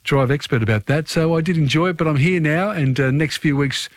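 Chatty radio quiz host. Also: male voice, a little high, brisk, no echo. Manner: chatty, takes callers one after another.

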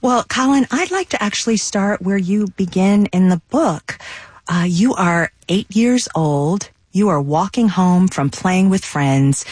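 A woman hosting a radio interview, calm and composed at a studio mic. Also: fairly low pitch, no room sound. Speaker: radio host.

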